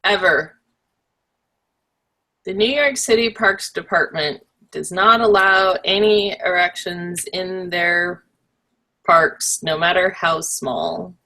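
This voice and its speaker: A woman co-hosting a casual chat, wry with deadpan asides and trailing restarts. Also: lowish voice, slow pace. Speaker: co-host.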